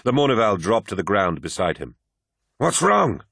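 A man narrates an epic battle story with grave, measured weight. His voice sits very low and the recording is bone dry, with no room around it. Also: expressive, a bit bright, dry recording. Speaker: audiobook narrator. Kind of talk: dramatic scripted narration.

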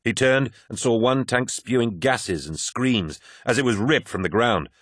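A man reading an audiobook with measured, dramatic scripted narration. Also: medium pitch, fairly bright tone, no room sound, studio quality.

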